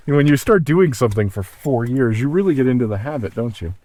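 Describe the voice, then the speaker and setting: A man's voice: medium pitch, animated, a little fast, hardly any pauses, mellow. Chatty man rambling in a vlog. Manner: chatty, self-interrupting, thinks aloud. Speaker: wildlife cameraman vlogger. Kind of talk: casual rambling vlog monologue. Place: in a car, then outdoors in a cold parking lot.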